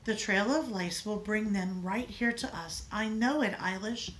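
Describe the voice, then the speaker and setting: A woman voicing a brave older sister who speaks calmly and reassuringly. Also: medium pitch, a little slow, close to an everyday voice. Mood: urgent, soothing. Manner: calm and reassuring.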